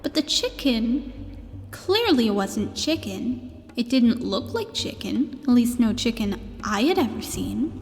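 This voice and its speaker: A woman voicing a gentle space princess who tells a bedtime story in a meandering way, with fillers and restarts. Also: on the high side, very animated, takes it slowly, heavily acted. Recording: long reverb with faint music.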